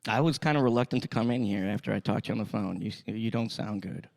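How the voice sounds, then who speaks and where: A man with a gravelly, low voice rambles through a story as a guest on a podcast. He talks slowly and casually into a studio microphone. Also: a little mellow. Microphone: studio mic.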